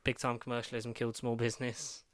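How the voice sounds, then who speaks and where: A man co-hosts a casual podcast and rambles through plot recaps, stopping and starting as he goes. His voice sits at an ordinary pitch and sounds close and dry, with no room around it. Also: completely flat delivery, quick pace, fairly bright tone, no room sound. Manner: rambling recaps full of "like" and restarts. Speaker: podcast co-host. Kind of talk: casual chat.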